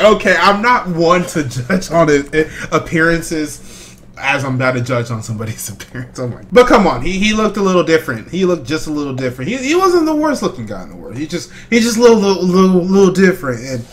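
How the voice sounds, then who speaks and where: A young man hosting a casual reaction video, jokey and animated, laughing often and calling the viewer bro. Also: on the high side, fairly quick.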